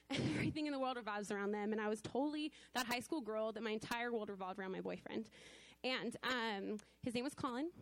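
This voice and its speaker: A young woman in her twenties sharing a personal testimony at church, speaking in a loose, chatty way with lots of "like" and nervous laughter. Her voice sits a little high, and the sound is close and dry, with no room around it. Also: dry recording. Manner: conversational, full of "like" fillers.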